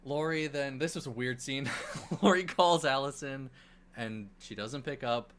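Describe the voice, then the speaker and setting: A man co-hosting a casual movie review podcast, recapping the plot in an animated way with swearing and acted-out quotes. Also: mid-range voice, a little slow, slight background noise. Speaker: podcast co-host.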